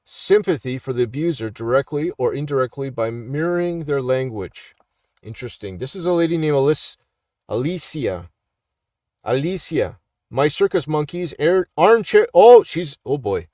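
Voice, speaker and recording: A man's voice: fairly high pitch, lively intonation, moderate pace, mellow, dry recording, clean studio sound. A middle-aged man, a street minister, chatting casually as he reads posts aloud and keeps asking "all right?" in a preachy way. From Canada. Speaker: street minister and YouTube commentator. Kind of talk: casual live commentary reading online posts.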